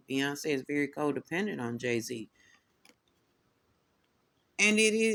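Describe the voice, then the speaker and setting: A man's voice: on the high side, vocal fry, a bit bright. Sassy man doing a tarot reading. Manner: sassy, swearing, calls listeners "y'all" and "honey". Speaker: tarot reader. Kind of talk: casual commentary.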